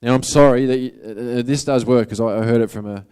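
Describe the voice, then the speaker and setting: A man's voice: mid-range voice, fairly even intonation, fast, darkish tone, clear, resonant tone. A man with an Australian accent giving a motivational talk to an audience, in a casual, earnest, conversational way. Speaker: motivational speaker.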